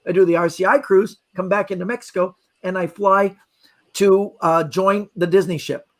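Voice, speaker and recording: A middle-aged man, a magician guest on a podcast, telling a travel story in a lively way and acting out the people in it. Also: high-pitched, moderate pace. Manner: lively anecdotal telling with acted-out quotes. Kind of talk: animated storytelling.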